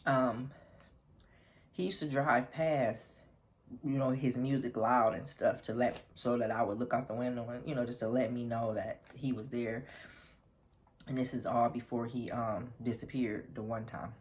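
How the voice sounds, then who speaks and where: A woman's voice: rumbling low, fairly even intonation, normal speed, darkish tone. A woman vlogger telling a long personal story in a chatty, rambling way while eating, often correcting herself.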